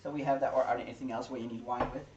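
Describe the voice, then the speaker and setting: A woman's voice: a bass voice, fairly even intonation, very fast, lo-fi sound, very noisy. Chatty woman cooking, echoey kitchen. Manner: chatty, reads chat aloud, laughs easily. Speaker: livestream co-host. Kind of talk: casual chat while cooking. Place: home kitchen. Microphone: distant room mic. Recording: echoey kitchen from far off, clattering pans.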